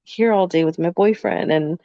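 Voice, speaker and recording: A woman's voice: lowish voice, normal speed, dark tone, no room sound. A middle-aged woman co-hosting a podcast, speaking reflectively and casually with many "like" fillers. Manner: reflective, filler-heavy with frequent "like". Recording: dry, dull lo-fi sound.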